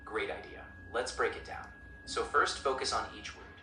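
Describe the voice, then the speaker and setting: A man's voice: medium pitch, moderate pace. Upbeat male AI voice assistant, distant. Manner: upbeat, encouraging, even-paced explanations. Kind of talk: friendly coaching chat. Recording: roomy, distant speaker playback with clear noise.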